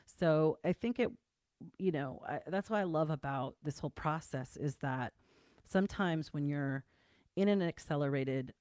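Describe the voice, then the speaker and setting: A woman's voice: extremely low pitch, a little mellow, dry recording, studio quality. A woman guest in a livestream interview, talking in a chatty, rambling way with many fillers. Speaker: guest game developer.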